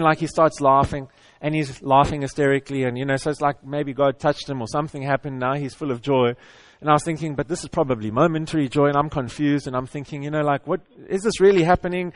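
In an earnest, conversational sermon, a middle-aged male pastor preaches with a voice that's a bit high for a man. He frequently stumbles and backtracks over his words before pressing forward.

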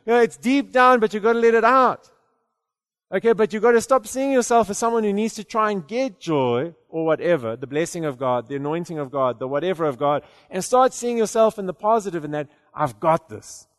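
High-voiced preacher in an echoing hall. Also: male voice, animated, brisk. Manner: conversational, repeats words, rising to emphatic declarations. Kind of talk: sermon.

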